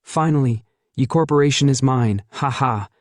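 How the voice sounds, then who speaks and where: A man voicing a sharp, professional, ambitious businesswoman. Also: medium pitch, fairly even intonation, a little slow, no echo, studio quality, natural voice. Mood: smug.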